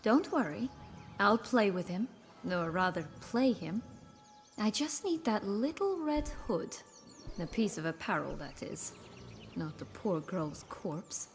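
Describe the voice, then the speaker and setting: An actress playing a scheming, exiled princess in a video game, sardonic and teasing. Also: female voice, medium pitch, very animated, slow pace, big-room sound. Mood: sly. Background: game music.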